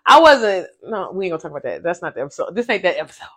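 A woman hosting a casual faith podcast, telling a personal story with animated, emphatic repetition and speaking straight to her listeners. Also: on the low side, very fast, breathy edge. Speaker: podcast host.

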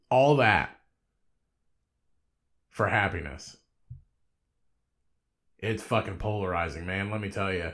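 A man in his thirties talking alone on his podcast with a somewhat low voice. He rambles in a laid-back, conversational way, swears nearly every sentence and breaks into laughs. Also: expressive, slow pace, long pauses, fairly bright tone. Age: 30s. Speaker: podcast host. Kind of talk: solo podcast monologue.

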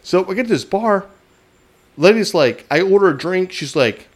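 A man co-hosting a podcast, telling a story in casual chat, lively and laughing as he acts out other people. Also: high voice, moderate pace. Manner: animated, laughing storyteller acting out voices. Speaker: podcast co-host.

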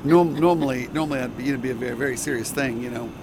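Man, mid-pitch, halting storyteller, clear noise in background. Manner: hesitant, many fillers and restarts. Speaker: flight attendant guest. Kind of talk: casual storytelling.

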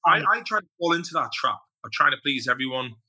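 A man's voice: medium pitch, lively intonation, fast talker, sharp tone, breathy edge. An Irish man, a podcast guest, telling stories in casual chat, swearing and acting out quotes. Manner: storytelling, profane, with acted-out quotes.

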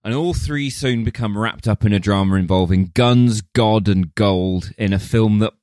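A man's voice: on the low side, moderate pace, darkish tone, no echo, studio quality. A man co-hosting a film podcast in casual chat, telling rambling jokey stories. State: sore back. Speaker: podcast co-host.

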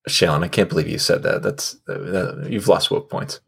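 Husky-voiced male co-host, teasing banter, lively pitch. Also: moderate pace. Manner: teasing, joking. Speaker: podcast co-host. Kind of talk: casual chat.

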